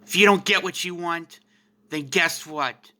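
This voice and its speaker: A man voicing a calm, defiant young male hero who taunts coldly and slowly. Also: fairly high pitch. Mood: cold taunting.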